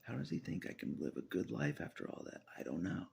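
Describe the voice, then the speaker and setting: A man vlogging alone to his camera in a rambling monologue, swinging between loud outbursts and low muttering, breaking into laughs. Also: big pitch swings, quick pace, creaky, slightly rough. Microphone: camera mic.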